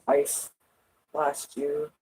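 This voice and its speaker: A woman's voice: drawn-out words, dark tone, slight background noise, low-quality recording. Rambling, foul-mouthed woman vlogger. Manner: rambling, swears a lot, laughs often. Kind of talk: casual rambling chat.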